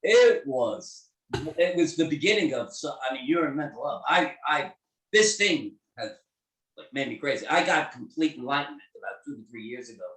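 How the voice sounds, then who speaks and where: A middle-aged man telling a story in an interview, animated and emphatic, swearing freely. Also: mid-range voice, normal speed, far from the mic. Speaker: guest therapist. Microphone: video call. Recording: echoey room on a video call.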